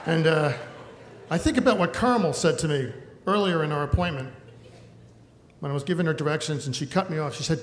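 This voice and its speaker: A man in his thirties telling a comic personal story live on stage, wry and animated. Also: fairly high pitch, a little fast, pauses often. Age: 30s. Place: stage in a hall. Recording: echoey hall, faint noise.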